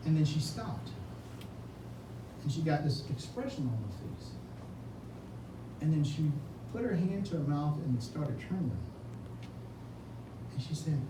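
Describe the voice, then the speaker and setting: A man's voice: on the high side, expressive, measured pace, pauses often. Impassioned man speaking from across an echoey room. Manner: earnest, impassioned, with personal stories. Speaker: political candidate. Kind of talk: campaign speech at a fundraising reception. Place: indoor reception room. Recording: echoey room from a distance, noisy.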